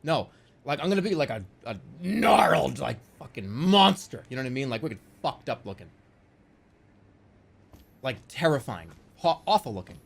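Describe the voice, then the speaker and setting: Chatting with his stream audience, a man in his forties rambles animatedly through an argument, peppering it with fillers and the occasional swear word. His medium-pitched voice keeps a moderate pace with long pauses.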